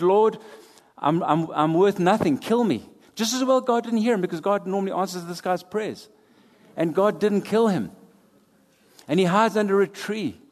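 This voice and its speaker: A man preaching a sermon, swinging between loud and hushed as he drives his points home. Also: sits high. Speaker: pastor. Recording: long hall reverb.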